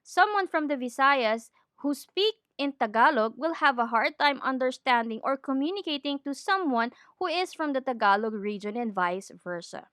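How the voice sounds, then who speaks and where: A woman giving a scripted lesson on training, in a clear, deliberate teaching manner. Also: high voice, animated, fairly bright tone, dry recording, clean studio sound. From Philippines. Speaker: accent trainer.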